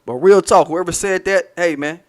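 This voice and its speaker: Dude ranting on his stream, swears a lot, rambles, kinda high voice. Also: normal speed, a little mellow. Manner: profane, rambling, talks to the chat. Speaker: livestream host. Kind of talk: casual livestream rant.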